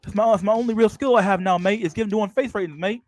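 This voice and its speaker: A man's voice: high voice, quick pace, soft background music, pitched above the performer's own voice, close to an everyday voice. A man voicing a smug, money-hungry male online creator in a stiff, robotic way that keeps tacking "mate" onto his lines. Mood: smug, scheming.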